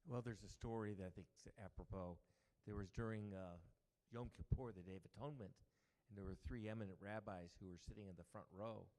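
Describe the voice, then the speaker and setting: A lower-pitched man telling an anecdote with animated delivery during a casual Bible study. A long hall reverb trails behind his voice. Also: brisk. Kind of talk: casual storytelling.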